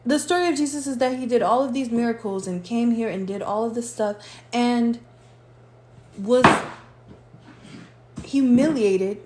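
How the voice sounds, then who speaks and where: A woman's voice: fairly high pitch, measured pace, pauses often, mellow. A woman giving a tarot reading on a live stream, talking in a casual, slangy way and acting out the voices she quotes. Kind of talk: casual livestream talk. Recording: echoey room with faint noise.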